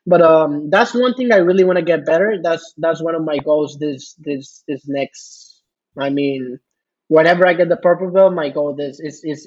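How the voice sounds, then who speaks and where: On a muffled recording, a man with a fairly high, darkish voice and a breathy edge shares a story as a podcast guest. He's a jiu-jitsu student who rambles, laughs a lot, and leans on fillers and restarts.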